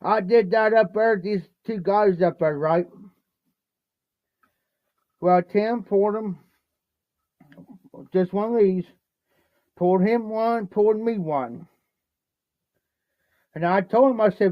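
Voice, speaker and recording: A man's voice: high voice, takes it slowly, long pauses, no echo, muffled recording. A man from Ohio livestreaming from home, telling a rambling, repetitive folksy story and mixing drinks. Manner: rambling, repetitive, folksy, keeps saying "no joke". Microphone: phone livestream.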